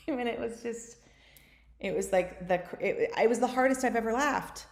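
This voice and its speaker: A woman's voice: on the high side, vocal fry. A woman in her thirties from the United States, telling stories in a casual podcast talk, full of fillers. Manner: fast, filler-heavy storytelling with many "like"s. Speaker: guest. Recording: roomy echo.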